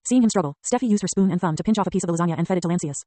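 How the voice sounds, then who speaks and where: A woman narrating an audiobook in a brisk, even reading style. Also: lowish voice, dry recording. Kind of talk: scripted narration.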